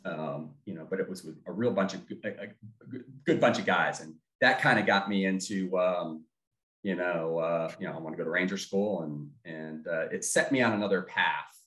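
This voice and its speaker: A middle-aged man, a former Army officer, telling his story in an interview, halting, with many fillers and restarts. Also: sits low, fairly bright tone. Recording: echoey room.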